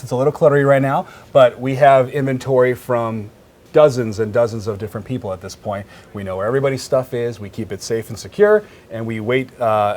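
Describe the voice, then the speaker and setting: A man's voice: lowish voice, a little mellow, a little hiss or hum. A man who runs an auction business, giving an upbeat, salesy walking tour of his warehouse. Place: warehouse facility.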